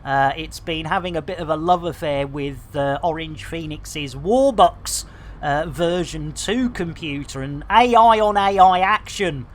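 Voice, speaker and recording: A man's voice: on the high side, unhurried, slight background noise. A man chatting through a live game stream, joking with innuendo and giving mock public announcements. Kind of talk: live gameplay stream chat.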